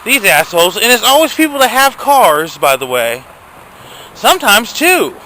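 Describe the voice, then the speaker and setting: Bright-voiced cussing man ranting outdoors. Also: high voice, sing-song, normal speed, a little hiss or hum, rough recording. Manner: profane, agitated ranting. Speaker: vlogger. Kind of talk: casual rant to camera.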